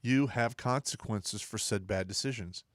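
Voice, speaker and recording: A middle-aged man on a casual talk show, blunt and profane, telling animated stories about his days in the army. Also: lowish voice, moderate pace, dry recording, studio quality. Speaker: podcast co-host.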